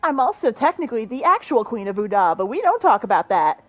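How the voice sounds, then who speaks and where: Genial innkeeper woman, voiced by a woman, lilting, high voice, dry sound. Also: very animated, quick pace, no room sound, lo-fi sound, soft background music. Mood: welcoming. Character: welcoming older female innkeeper. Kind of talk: voicing game dialogue aloud.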